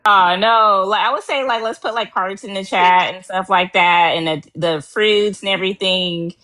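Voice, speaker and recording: A woman hosting a casual chat show, earnest and talkative, thinking out loud as she goes. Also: mid-range voice, moderate pace.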